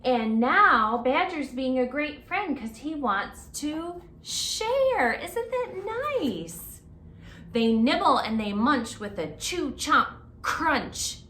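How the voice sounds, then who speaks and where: A woman librarian reads a picture book aloud to children at a very slow, unhurried pace. She keeps pausing to ask her young listeners questions. Her voice is fairly high and echoes in a roomy space, with faint noise in the background. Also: expressive, bright, forceful tone. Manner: interactive, asks children questions. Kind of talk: children's story time read-aloud.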